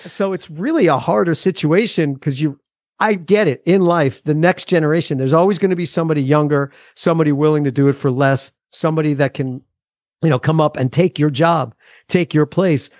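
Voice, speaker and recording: A man's voice: a little high, fairly quick, darkish tone, no echo, clean studio sound. A man in his forties, a musician guest on a podcast, talking casually in a rambling, earnest way with frequent restarts.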